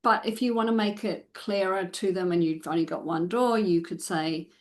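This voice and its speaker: A woman's voice: fairly low pitch, moderate pace, hardly any pauses. A woman coaching a viewer through a dog training routine in a live Q&A. She talks it through step by step and keeps stopping to restart her sentences or add an "um". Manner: step-by-step instructive, many restarts and fillers. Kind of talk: live Q&A advice.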